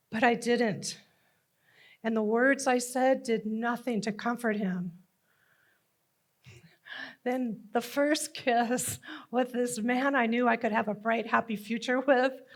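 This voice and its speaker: A middle-aged woman telling a personal story on stage, slow and deliberate with emotional emphasis. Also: on the high side.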